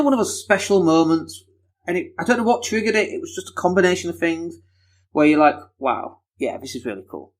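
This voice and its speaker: A man from Leeds, hosting a casual solo podcast in a chatty, enthusiastic, self-deprecating way. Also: on the high side. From Leeds, England. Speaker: podcast host.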